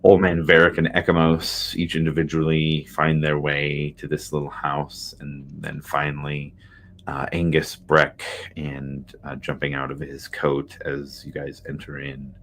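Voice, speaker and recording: Brief: very deep male game master, halting narration with lots of fillers. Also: monotone, a bit bright. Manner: halting, many fillers, low-key.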